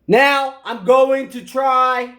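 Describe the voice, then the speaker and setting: A man's voice: very high-pitched, fairly even intonation, drawn-out words, pushed and bright. A man hosting a casual cooking vlog, chatting straight to his viewers as he eats. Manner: chatty, addresses viewers directly. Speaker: cooking channel host.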